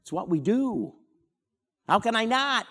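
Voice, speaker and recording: Man reading a widowed mother in grief, incredulous, hushed, quick. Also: sits high, sing-song, pitched above the performer's own voice, full character voice. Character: grieving widowed mother, protesting in disbelief.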